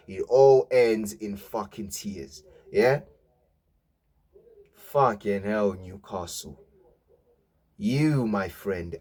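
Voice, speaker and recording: A man's voice: lowish voice, a little mellow, breathy edge. A young man, a football fan vlogger giving a mocking, swearing rant and tagging his lines with "yeah?". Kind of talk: ranting fan reaction.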